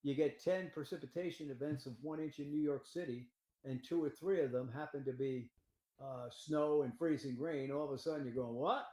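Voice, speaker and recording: An older man talking about the weather forecast in a rambling, excitable way, with filler words and laughter. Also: on the high side, fairly quick, roomy sound, low-quality recording. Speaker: meteorologist guest. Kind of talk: casual forecast discussion.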